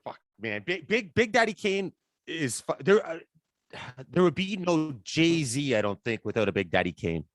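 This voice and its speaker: A man hosting a podcast, chatting casually, excitable and profane, often restarting his sentences. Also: on the high side, normal speed, no room sound, clean studio sound. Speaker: podcast host.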